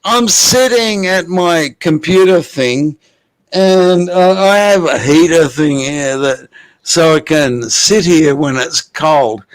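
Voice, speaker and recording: A man's voice: fairly high pitch, slow. A man telling rambling, profane stories in casual chat from home at his computer.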